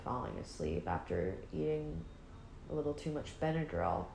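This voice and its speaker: A woman's voice: low-pitched, big pitch swings, normal speed, vocal fry, mellow. A young adult woman hosting a podcast alone, chatting casually and rambling in a joking, self-mocking way. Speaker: podcast host. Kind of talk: casual solo chat. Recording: roomy with faint hiss.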